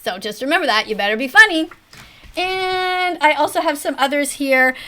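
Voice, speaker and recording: A woman in her fifties hosting a mock classroom, commenting on a video in an animated schoolteacher tone. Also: high-pitched, normal speed. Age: 50s. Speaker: teacher hosting a reaction video.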